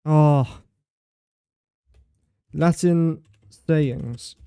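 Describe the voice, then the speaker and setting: A man's voice: a little high, extremely slow, warm tone, clean tone, no echo, studio quality. A man chatting casually during a gameplay livestream, playful and self-mocking, talking to objects in the game. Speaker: game streamer.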